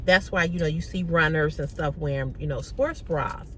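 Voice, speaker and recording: A woman's voice: low voice, moderate pace, rough recording. A woman vlogger casually retelling a conversation, with lots of "I said, she said". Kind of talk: casual storytelling to camera. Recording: loud outdoor traffic noise.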